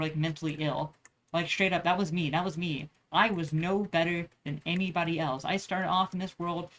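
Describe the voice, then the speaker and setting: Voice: mid-range voice, fairly bright tone, a little hiss or hum. A young adult vlogger chatting casually while drawing, rambling with lots of swearing and restarts. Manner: rambling, profane, many restarts.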